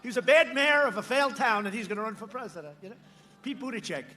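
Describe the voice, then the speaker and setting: A man speaking at an outdoor rally through a podium microphone, his voice pitched high and sharp. He mocks and repeats himself and punches lines out over the crowd, with a faint murmur of ambience behind him. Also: animated, quick pace, slight background noise. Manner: boastful, mocking, repetitive, shouting over a crowd. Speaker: politician addressing a rally crowd. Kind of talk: campaign rally speech.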